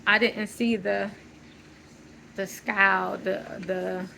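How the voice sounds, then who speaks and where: Lady rambling thru her memories, lots of likes and restarts, bright voice. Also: mid-range voice, little pitch movement, drawn-out words, gravelly, slight background noise, poor audio. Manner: loose, searching, many fillers. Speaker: channel host. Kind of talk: rambling personal monologue.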